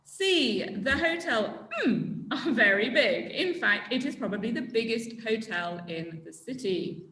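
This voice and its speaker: A female English teacher leads a legal English lesson in a bright, forceful, slightly high and expressive voice. She speaks slowly, brisk and encouraging, prompting the class to fill in the end of each sentence, and the room echoes noticeably.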